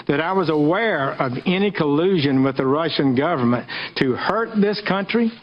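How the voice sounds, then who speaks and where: Southern-accented man giving formal testimony. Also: fairly high pitch. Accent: Alabama Southern. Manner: indignant, measured. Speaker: official testifying at a hearing. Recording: dull archival hearing audio with faint noise.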